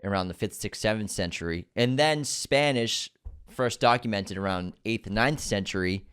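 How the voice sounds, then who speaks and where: A man's voice: fairly low pitch, moderate pace, a bit bright, smooth. A man co-hosting a film podcast in casual chat, explaining film locations and history and quizzing his co-host. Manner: explanatory, asks quiz questions, adds "you know".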